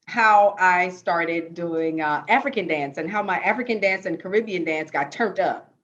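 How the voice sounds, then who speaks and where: A woman from Jamaica on a dance panel, telling her story in a lively, casual way and often checking in with "right?". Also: lowish voice, moderate pace, lo-fi sound. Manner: lively, animated storytelling with many rhetorical "right?"s.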